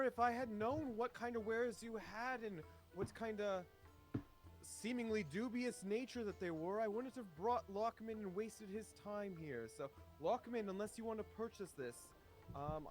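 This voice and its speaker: Man doing a polite elf, forced smile, quietly suspicious, higher voice. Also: normal speed, soft background music, lightly acted. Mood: strained.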